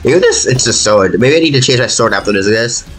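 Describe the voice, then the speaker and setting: Young male gaming YouTuber, mid-pitch, frantic play-by-play, music bed behind. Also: lively intonation, fairly quick, fairly bright tone. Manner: frantic, pleading and self-mocking. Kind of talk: live gameplay commentary. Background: game music.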